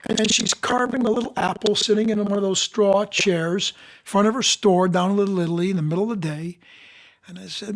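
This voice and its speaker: A man's voice: high-pitched, a little fast. A middle-aged man, an actor and dialect coach, telling stories as a podcast guest and acting out the people he quotes. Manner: animated anecdotes, acts out quoted voices. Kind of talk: casual interview storytelling.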